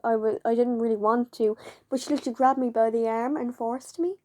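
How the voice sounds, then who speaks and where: A woman's voice: fairly high pitch, steady tone, fairly quick, warm tone. A woman casually telling a personal story to camera, chatty and fond of saying "like" as she recounts what others said. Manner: chatty, leans on "like" and acts out quoted dialogue. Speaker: vlogger.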